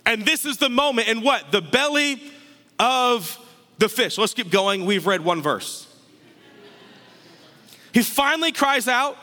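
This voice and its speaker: A man delivers a sermon with a notably high, bright voice. He drives his points home by repeating phrases and building intensity, and the sound carries the long reverb of a large church hall. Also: lively intonation, moderate pace. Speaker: pastor.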